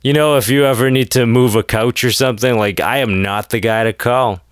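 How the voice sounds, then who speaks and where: With a medium-pitched, steady, clear and resonant voice, this man speaks briskly in a clean studio without echo. Alone on his late-night podcast, he rambles through a sarcastic casual rant, overusing "like" and other fillers.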